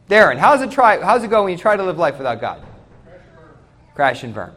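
Animated high-voiced man preaching. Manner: animated, questions the congregation directly. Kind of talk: sermon. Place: church.

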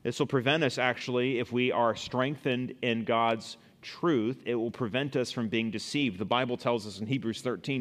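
A man's voice: medium pitch, normal speed, hardly any pauses, long reverb tail. A man preaching a sermon as a pastor, reading Bible verses and giving everyday examples.

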